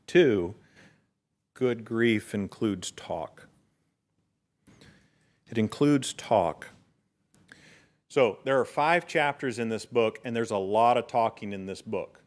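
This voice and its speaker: A middle-aged man preaching a sermon in a church as pastor, earnest and storytelling, rising in emphasis at key points. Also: on the low side. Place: church sanctuary.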